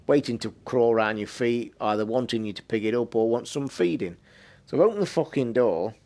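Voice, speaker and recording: A man in his forties spins a long tale from his younger days on a podcast. His voice sits at an ordinary middle pitch, and he talks casually and animatedly, swearing freely as he goes. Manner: sweary, animated anecdote-telling. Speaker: podcast host. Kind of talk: casual storytelling.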